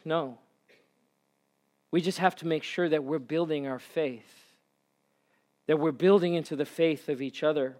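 A male pastor preaching a sermon, telling a story and rising to loud, fervent passages. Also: fairly high pitch. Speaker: pastor and camp director.

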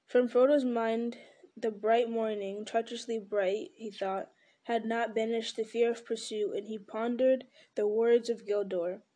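Mellow woman reading a book aloud. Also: medium pitch. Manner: steady, unhurried, with small slips. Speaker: reader. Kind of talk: amateur audiobook reading.

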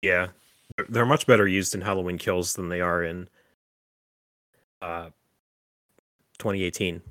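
A man's voice: deep voice, steady tone, unhurried, fairly bright tone, dry recording. A man hosting a podcast, recapping a horror film in casual chat, full of "like" and "um". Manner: rambling, filler-heavy with frequent "like" and "um". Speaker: podcast host.

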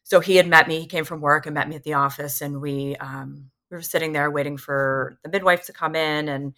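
Low-pitched, bright-toned woman telling her story. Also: brisk. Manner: candid, animated retelling that acts out what others said. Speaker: podcast guest. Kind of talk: personal storytelling in a conversation.

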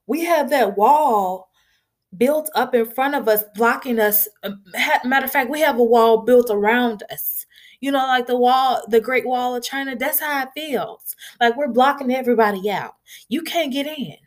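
Young woman vlogging, kinda high voice, earnest and chatty, lots of filler phrases. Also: normal speed. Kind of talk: candid personal talk.

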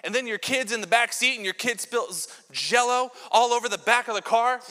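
A man preaching a sermon as pastor in a church, telling lively jokey stories with props. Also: very high voice, normal speed. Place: large church sanctuary. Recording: long church hall reverb.

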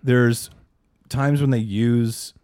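A man's voice: medium pitch, steady tone, drawn-out words, mellow, no echo, studio quality. A man co-hosting a podcast, asking wry questions and mulling a film over in casual, profane chat. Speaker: podcast co-host. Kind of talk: casual movie-review chat.

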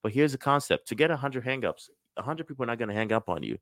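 A middle-aged man giving a casual motivational talk on sales and business, lively and acting out quoted voices. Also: medium pitch, fast talker, no room sound. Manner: animated, acts out quoted voices.

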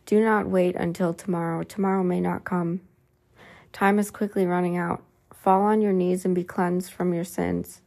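A woman's voice: lowish voice, gravelly, dark tone. A woman reading a religious book aloud in an earnest, pleading way.

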